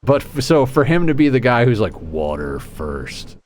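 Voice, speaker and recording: A man in his thirties with a medium-pitched voice talks briskly while streaming a game. He tells a rambling story full of laughs and fillers, acting out his friends' voices as he goes.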